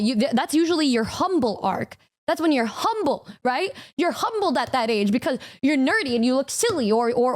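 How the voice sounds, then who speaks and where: A woman streamer reacting to a clip, stammering, incredulous and casually profane. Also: high-pitched. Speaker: VTuber streamer.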